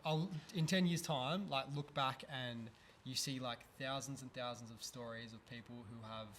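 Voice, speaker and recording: A man's voice: mid-range voice, fairly even intonation, moderate pace, fairly bright tone, a little hiss or hum. Hesitant young man chatting. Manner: hesitant, restarts often. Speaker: podcast guest. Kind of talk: casual chat.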